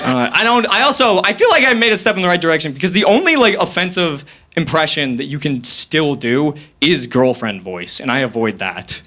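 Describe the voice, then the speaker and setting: Brisk and a little high, a young man's voice drives his stand-up set into a handheld mic, energetic and self-mocking, slipping into character voices. It's a live comedy club recording with audience noise.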